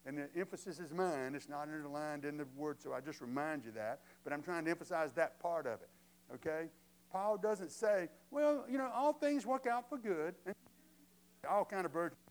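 A man's voice: a little high, normal speed, poor audio. A man preaching a sermon as pastor, conversational and emphatic, asking the congregation rhetorical questions.

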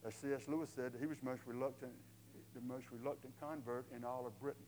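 An older male pastor preaching a sermon in a conversational way, moving from quiet asides to emphatic questions. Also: mid-range voice, steady tone, fast talker, a little hiss or hum, poor audio.

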